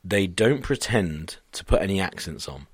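A man with a very low voice chats loosely as a podcast host. He rambles, swears casually and laughs often, and his voice sounds dry and close with little room around it. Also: animated, normal speed, slightly rough, no room sound. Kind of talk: casual chat.

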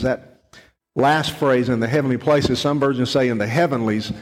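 A man preaching a sermon to a congregation, earnest, slowing down to stress key words. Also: medium pitch, steady tone. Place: church sanctuary. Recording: long reverb of a church hall.

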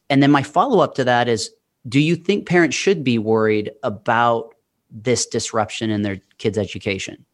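A male podcast host in a mid-range voice asks his guest long, curious questions. He winds through each one, restarting phrases before landing the point. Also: medium pitch. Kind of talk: conversational interview.

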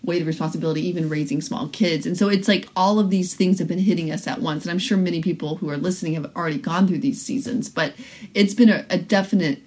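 A woman's voice: lowish voice, steady tone, fast talker, darkish tone, husky. A woman in her forties co-hosting a podcast with her husband, chatting thoughtfully. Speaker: podcast co-host. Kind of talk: casual chat.

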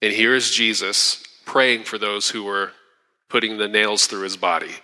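Bright-voiced male preacher in echoing hall. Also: fairly low pitch, moderate pace. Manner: earnest, animated preaching with acted-out quotes. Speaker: pastor. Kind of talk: sermon. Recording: long hall reverb.

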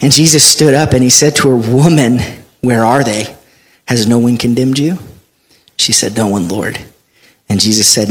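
A male pastor preaching a sermon, reading scripture aloud with animated delivery. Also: mid-range voice, moderate pace.

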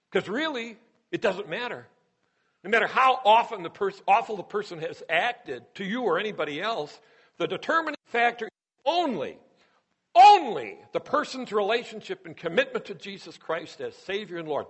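A man giving a sermon to a congregation, emphatic, with dramatic pauses and hushed moments of storytelling. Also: high-pitched, breathy edge. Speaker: Christian speaker.

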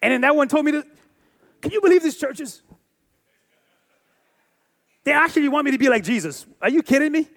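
A man's voice: very high-pitched, expressive, brisk, vocal fry, long pauses, a bit bright. A pastor in his forties preaching a sermon with emphatic, repeated phrases and rhetorical questions. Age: 40s.

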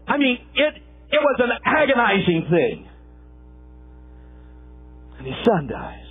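A man preaching a sermon, telling a folksy coaching story with lively, acted-out quotes. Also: extremely high pitch, slow pace, slightly rough, narrow, tinny audio, soft background music. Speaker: pastor and former football coach.

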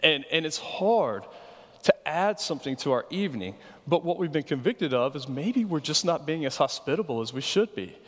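A man's voice: a little high, animated, brisk, few pauses, long reverb tail. A man preaching a sermon as pastor, earnest and pleading, asking the congregation rhetorical questions.

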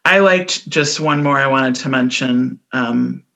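A woman's voice: a bass voice, unhurried, fairly bright tone. A woman with a Midwestern accent co-hosting a podcast in casual chat, explaining things and laughing often. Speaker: podcast co-host.

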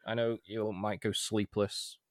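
A man's voice: fairly low pitch, flat delivery, dry recording, clean studio sound. A man co-hosting a podcast, chatting casually and rambling with jokes. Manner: rambling, quick, jokey. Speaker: podcast co-host. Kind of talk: casual chat.

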